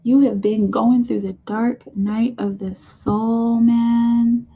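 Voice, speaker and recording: A woman's voice: a little high, little pitch movement, slow pace, creaky, muffled recording, slight background noise. A woman giving a casual card reading to her viewers, chatty and full of fillers, often calling out to "you guys". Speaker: tarot card reader.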